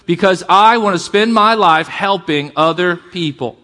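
Man, pastor, sermon, somewhat high pitch, energetic, calls for amens. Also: unhurried, few pauses. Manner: energetic preaching, calls for amens, varies pace and volume.

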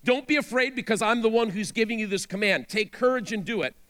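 A man reading the part of a protective older brother, speaking in a hushed and firm way. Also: sits high, quick pace.

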